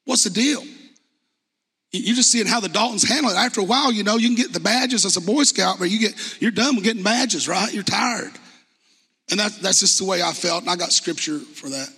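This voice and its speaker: A man with a high, bright, ringing voice shares his testimony from the pulpit. He talks earnestly and conversationally, then reads scripture aloud, and his words trail into a long church reverb. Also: brisk, husky. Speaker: church speaker giving testimony. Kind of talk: sermon testimony. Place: church hall.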